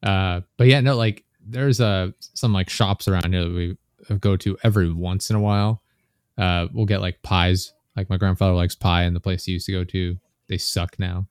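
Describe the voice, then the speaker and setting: A man's voice: sits low, fairly even intonation, normal speed, clear, resonant tone, no echo, clean studio sound. A young man, a podcast guest, chatting casually and telling rambling anecdotes with chuckles.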